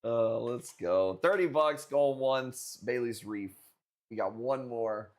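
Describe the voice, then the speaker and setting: A man's voice: mid-range voice, slow, noisy background. A young man hosting a live stream coral auction, chatting casually and cracking crude jokes with viewers. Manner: joking, rambling, crude banter with chat.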